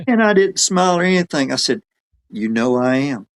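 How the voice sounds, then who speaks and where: A man's voice: on the high side, animated, measured pace. A man telling a story in a rambling, folksy way, quoting people as he goes. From Alabama. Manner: folksy, rambling, quotes others in his own voice. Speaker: podcast guest telling a story. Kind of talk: casual storytelling.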